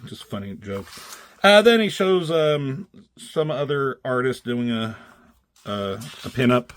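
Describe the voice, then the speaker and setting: A man's voice: mid-range voice, animated, measured pace. A man reviewing comic strips in a casual, rambling chat, swearing freely and acting out characters' lines in raised voices.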